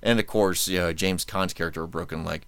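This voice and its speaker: A man hosting a podcast in casual, joking chat, animated and quick to ham up lines. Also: deep voice, smooth, no room sound. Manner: animated, joking, reads quotes in mock-dramatic tones. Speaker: podcast host.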